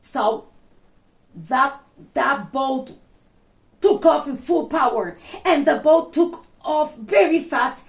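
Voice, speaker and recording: Female children's storyteller, high voice, lively and chatty, gravelly edge. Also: slow pace, long pauses. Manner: expressive, exclaiming, chatty asides to the listener. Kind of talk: animated children's story reading.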